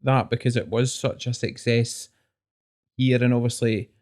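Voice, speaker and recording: A woman's voice: very deep voice, flat delivery, unhurried, darkish tone. A woman hosting a casual interview, mostly giving short encouraging replies and questions. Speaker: interview host.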